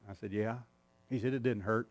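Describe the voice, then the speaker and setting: A middle-aged man preaching a sermon, telling a family story with acted-out quoted voices and frequent laughter, moving from quiet low lines to loud high outbursts. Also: steady tone, brisk. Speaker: pastor.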